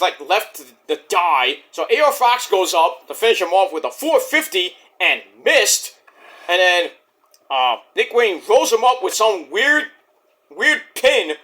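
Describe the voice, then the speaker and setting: A man with a fairly high, bright voice recaps a wrestling show in a loose vlog. His pitch swings widely as he rambles and swears casually. He keeps stumbling through fillers as he goes. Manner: rambling, profane, many fillers.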